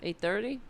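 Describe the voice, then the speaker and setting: American woman streaming, really raspy gravelly voice, slow easy talk, swears a lot, kinda losing her voice. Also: mid-range voice. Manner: loose, profane, rambling. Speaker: political livestream host. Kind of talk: casual livestream chat.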